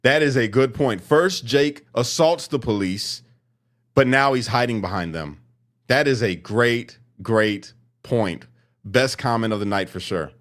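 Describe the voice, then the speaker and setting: A man's voice: mid-range voice, measured pace. A man commenting sarcastically on protest clips, mocking and emphatic.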